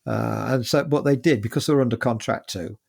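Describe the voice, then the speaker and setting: A man's voice: medium pitch, fairly quick, vocal fry, breathy edge. An English man in his seventies, a guest musician telling chatty, rambling stories with lots of fillers. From England. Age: 70s. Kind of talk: casual anecdotal storytelling.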